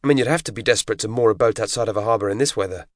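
A man playing a lazy, complacent veteran male officer who drawls slowly. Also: on the low side, no echo, clean studio sound, lightly acted. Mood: smug.

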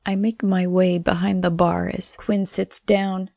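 A woman's voice: on the low side, little pitch movement, a little slow, vocal fry, dark tone, no echo, clean studio sound. A woman reading a first-person audiobook narration in a wry, sardonic manner.

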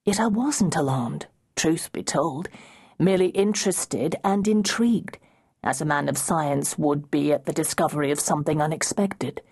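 A woman reading a historical novel aloud in the first person, in a measured, deliberate way. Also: sits low, darkish tone, husky. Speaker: audiobook narrator. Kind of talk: first-person audiobook narration.

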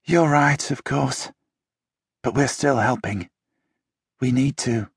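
A man voicing an earnest, loyal young woman who speaks quietly and pleadingly in an audiobook. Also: medium pitch, slow pace, husky, no room sound, clean studio sound, voice pushed up, exaggerated voice.

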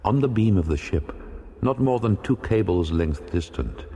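A man narrating a classic sea story in a measured, dramatic storytelling manner. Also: lowish voice, animated, mellow. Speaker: audiobook narrator. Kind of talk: scripted narration of a classic novel. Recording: long hall reverb.

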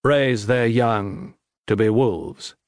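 A man voicing a grim, weary father who speaks coldly and quietly. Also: mid-range voice, very slow, dry recording, clean studio sound. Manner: cold, quiet and flat.

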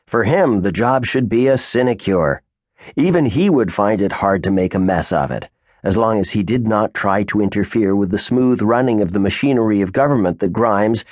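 A man narrating a science fiction audiobook in an expressive storytelling manner. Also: fairly low pitch, no room sound. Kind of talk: scripted narration.

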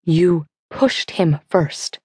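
A woman voicing a sharp-tongued teenage girl in an audiobook, cold and scolding. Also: fairly low pitch, extremely slow, husky, dry recording, studio quality, heavily acted. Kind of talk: audiobook character voice.

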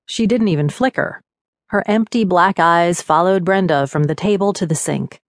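A woman reading an audiobook in a measured, wry manner. Her voice sits fairly low. It is recorded close and dry in a studio. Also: dry recording. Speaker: audiobook narrator. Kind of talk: scripted audiobook narration.

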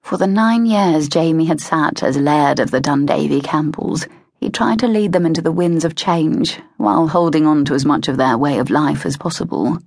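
Woman audiobook narrator, low husky voice, measured and expressive, dry close mic. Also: no room sound. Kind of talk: scripted narration of a historical romance.

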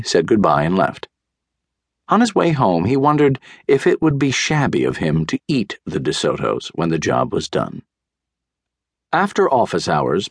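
A man reads a children's picture book aloud in a low, gravelly voice, his pitch swooping widely to bring the story alive. The sound is dry and close, with no room around it. His delivery stays playful and expressive throughout. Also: no echo. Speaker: audiobook narrator. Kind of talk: scripted storybook narration.

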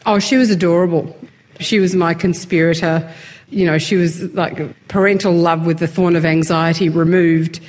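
Chatty, low-pitched woman, laughing often. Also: steady tone, normal speed, darkish tone. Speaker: guest. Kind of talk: casual interview conversation.

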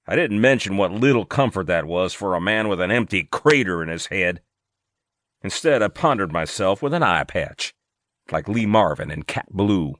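A man reading first-person fiction aloud as an audiobook narrator, with dry, wry humor. His voice sits fairly low. The recording is very dry and close to the mic. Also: animated, normal speed, a bit bright, no echo.

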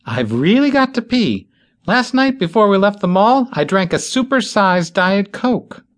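A male narrator voicing an anxious young woman who whines and pleads in a high, squeaky voice. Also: very animated, measured pace. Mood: distressed. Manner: whiny, high-pitched pleading.

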